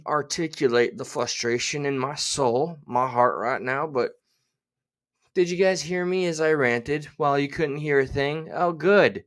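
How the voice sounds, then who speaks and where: A man's voice: fairly high pitch, fairly bright tone. A man hosting a casual livestream, rambling and theatrical, muttering and swearing to himself between remarks to his chat. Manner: exasperated, theatrical, rambling with tech trouble. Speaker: livestream host.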